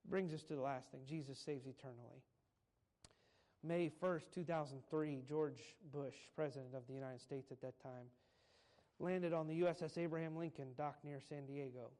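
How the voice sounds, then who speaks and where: A male pastor preaching a sermon, telling stories and building to slow, emphatic points. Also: on the high side, steady tone, warm tone. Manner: preaches with swelling emphasis, slowing on key phrases.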